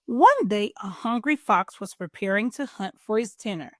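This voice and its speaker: A middle-aged woman hosting a children's storytime and reading a picture book aloud with an animated, expressive teacher's manner. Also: medium pitch, normal speed, no room sound, clean studio sound. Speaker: host and children's story reader.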